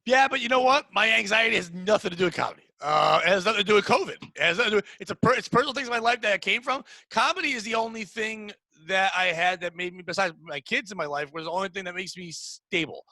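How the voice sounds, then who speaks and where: A middle-aged man talks in a high, bright voice, recorded dry and close. He hosts a podcast and vents in a blunt, profane, rapid rush. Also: dry recording, rough recording. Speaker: podcast host. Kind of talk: casual chat. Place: home room.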